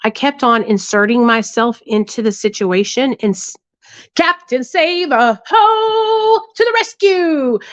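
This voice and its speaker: A woman's voice: mid-range voice, a bit bright, no echo. A woman hosting a livestream, telling a story to her audience bluntly and profanely, with lots of tag questions. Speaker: livestream host. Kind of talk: candid storytelling to a live audience. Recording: dull lo-fi dry sound.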